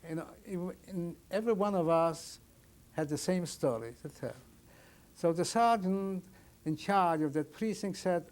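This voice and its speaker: A man in his sixties giving oral history testimony as a survivor, telling his story plainly and haltingly, often restarting his sentences. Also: sits high, darkish tone. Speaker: Holocaust survivor interviewee.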